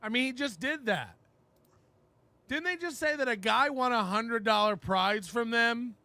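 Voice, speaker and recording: Bright, clear-voiced joking co-host. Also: male voice, extremely high pitch, measured pace, no room sound. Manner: wry, joking, reads chat messages aloud. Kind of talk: casual livestream chat.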